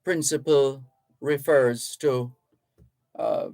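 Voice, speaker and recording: A Jamaican man hosts a radio call-in show from a studio. He speaks slowly and deliberately, explaining things patiently, with plenty of fillers. His voice is dry and close, with no room sound, and sits at an average pitch. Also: fairly even intonation, darkish tone, dry recording, low-quality recording. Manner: unhurried, explanatory, with fillers and restarts. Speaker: radio talk show host. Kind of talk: radio call-in show, reading listener messages.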